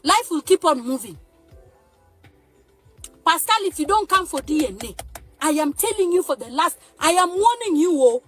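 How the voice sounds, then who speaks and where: A woman's voice: very high voice, big pitch swings, moderate pace, pauses often, faint music behind. A woman with a Nigerian accent, a mother ranting emotionally to camera in an agitated, threatening and pleading way. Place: parked car.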